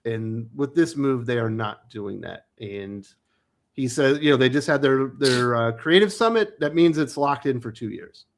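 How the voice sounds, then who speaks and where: A man's voice: mid-range voice, lively intonation, moderate pace. A man hosting a casual podcast chat, blunt and opinionated, who swears freely. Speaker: podcast host.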